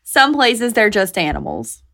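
A woman's voice: medium pitch, sing-song, measured pace, fairly bright tone. A woman hosting a podcast, chatty and enthusiastic in casual conversation. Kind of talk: casual chat.

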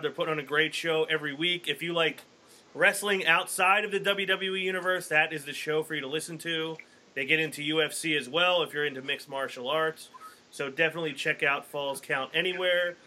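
A man co-hosting a casual podcast who reads the shout-outs and sponsor plugs in an upbeat, quick way. His voice is very bright and sharp, pitched a little higher than most men. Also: fairly even intonation. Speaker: podcast co-host.

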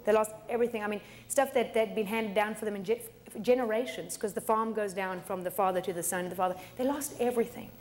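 A woman's voice: medium pitch, steady tone, fast talker, hardly any pauses. A middle-aged woman pastor preaching a sermon in a chatty way, often laughing and repeating words. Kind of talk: sermon teaching.

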